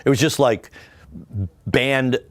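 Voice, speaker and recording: A man, a record producer and guitarist, telling an anecdote in an animated way and mimicking the music with sound effects. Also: medium pitch, slow, no echo. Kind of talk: storytelling anecdote.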